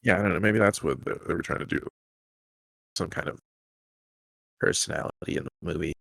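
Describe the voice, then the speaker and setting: A man with a very low voice and a gravelly edge chats about a film on a podcast. He hesitates and trails off, filling the gaps with fillers. The recording is dry and close. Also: brisk, a bit bright, no room sound, poor audio. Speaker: podcast co-host reviewing a movie. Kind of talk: casual chat.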